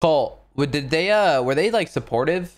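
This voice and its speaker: A man's voice: on the high side, lively intonation, normal speed. A man co-hosting a podcast in casual chat, teasing his guest with crude banter. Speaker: podcast co-host.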